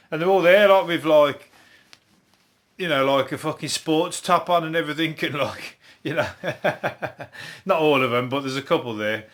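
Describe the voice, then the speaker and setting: A man's voice: mid-range voice, fairly bright tone. Sweary Brummie man rambling through news. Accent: Birmingham (Brummie). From Birmingham, England. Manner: rambling, swearing, laughs at own jokes. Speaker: podcast host, comedian. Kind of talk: solo comedic news review.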